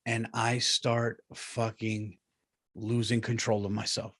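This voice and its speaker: A middle-aged man, a comedian hosting his own show, telling a comic story in a profane, animated way. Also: fairly low pitch, slow. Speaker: comedian host.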